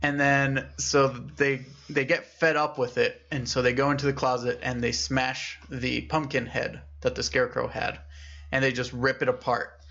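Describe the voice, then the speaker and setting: A young man co-hosting a podcast, casually retelling a scary story and voicing its characters with lively shifts in pitch. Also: moderate pace, gravelly, dull audio. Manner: animated storyteller, acts out characters with raised pitch. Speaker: podcast co-host.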